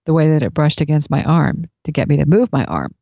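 A woman telling a personal story in a reflective, unhurried way. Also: sits low, big pitch swings, dry recording. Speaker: speaker sharing spiritual experiences. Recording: dull lo-fi recording.

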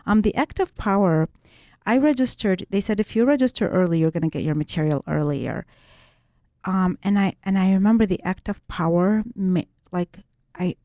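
In a low, mellow voice captured in a dry recording, a woman guest on an interview, a writer who teaches spiritual workshops, earnestly explains her teachings. She frequently starts her sentences over.

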